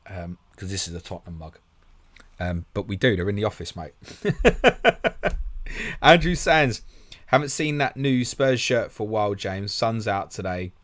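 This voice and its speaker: A man's voice: on the low side, very animated, fairly bright tone. A man hosting a casual live stream, reading out viewer questions and answering bluntly with swearing and laughs. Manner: blunt, swearing, laughs often, reads comments aloud quickly. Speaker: host of a fantasy football stream.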